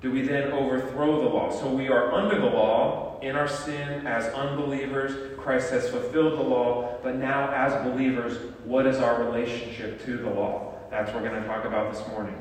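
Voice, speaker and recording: A pastor preaching a sermon and teaching with a string of rhetorical questions. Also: male voice, mid-range voice, little pitch movement, normal speed, few pauses, a little hiss or hum. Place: church sanctuary. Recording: echoey hall from far off.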